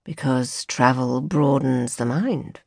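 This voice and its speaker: A woman's voice: rumbling low, takes it slowly, vocal fry, darkish tone, no room sound, pitched below the performer's own voice, full character voice. A posh young man with a lazy, offhand drawl, voiced by a woman narrator. His lines sit a little below her own voice and sound flippant and unbothered. The studio sound is dry and close. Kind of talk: audiobook character voice.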